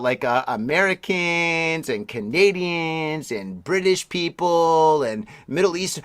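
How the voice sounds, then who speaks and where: A man's voice: fairly high pitch, no room sound. Chatty, rambling man with a dry close sound. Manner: rambling, chatty, exclaims and laughs often. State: recovering from strep throat, voice a bit deeper. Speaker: podcast host. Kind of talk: casual podcast chat.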